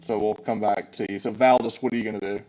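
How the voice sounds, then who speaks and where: A man's voice: lowish voice, fairly even intonation, fast, darkish tone, lo-fi sound. A man narrating a tabletop game as game master, with many ums and uhs. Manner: hesitant, filler-heavy narration.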